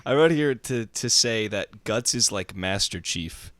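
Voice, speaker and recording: A man's voice: lowish voice, lively intonation, a little slow, fairly bright tone, no echo. Young male podcast co-host; rambly, filler-heavy casual chat, dry mic, now and then grandly mock-heroic.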